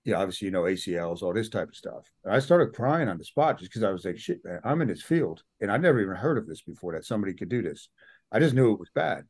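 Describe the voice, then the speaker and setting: Man, middle-aged, low voice, dry close sound, casual interview storytelling, acts out quotes. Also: very animated, fast, husky, no echo. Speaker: podcast guest.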